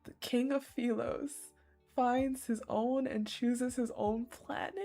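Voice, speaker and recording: A woman's voice: fairly high pitch, fairly even intonation, takes it slowly, warm tone, soft background music. A woman game streamer reading a story aloud and reacting emotionally, close to tears.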